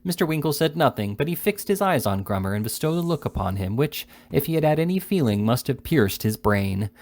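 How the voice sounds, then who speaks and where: A man's voice: mid-range voice, brisk. Man reading a classic novel aloud. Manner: steady reading with occasional slips and restarts. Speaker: reader.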